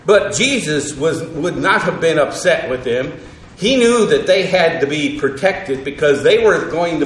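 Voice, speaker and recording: A man teaching an evening Bible lesson, halting, with frequent fillers and self-corrections. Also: fairly high pitch. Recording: echoey room.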